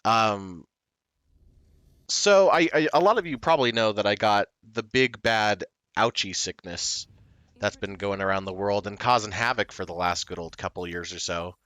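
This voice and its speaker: A man's voice: on the low side, normal speed, a bit bright, no room sound. A man chatting casually to his stream viewers, rambling and self-deprecating, with plenty of fillers, restarts and short laughs.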